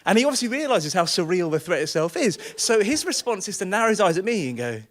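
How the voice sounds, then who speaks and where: Animated man telling a comic story. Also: high voice, quick pace. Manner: animated, self-deprecating, laughing through lines. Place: small theatre stage.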